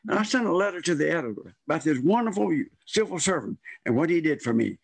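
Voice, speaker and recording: A man's voice: fairly high pitch, sing-song, quick pace, creaky, no echo. Older man telling a story, dry close mic. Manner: rambling, acts out quoted voices. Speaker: storyteller guest. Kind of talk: casual storytelling.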